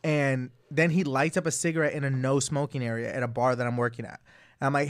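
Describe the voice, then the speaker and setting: A man's voice: mid-range voice, fast talker. A young man hosting a casual podcast, telling a bar story with lots of laughter and swearing. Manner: animated, laughs through his stories, swears freely. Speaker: podcast host.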